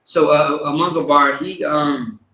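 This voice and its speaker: A man's voice: fairly high pitch, takes it slowly. A man leading a small worship service, chatting loosely with many restarts before leading prayers line by line. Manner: relaxed slangy talk with many restarts. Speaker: service leader. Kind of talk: casual chat then call-and-response prayer. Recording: echoey room with faint background noise.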